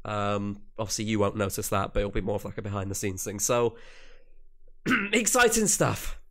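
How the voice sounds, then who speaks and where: A man's voice: on the low side, level tone, moderate pace, a bit bright. A young man co-hosting a podcast in casual chat, rambling and restarting his sentences. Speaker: podcast co-host.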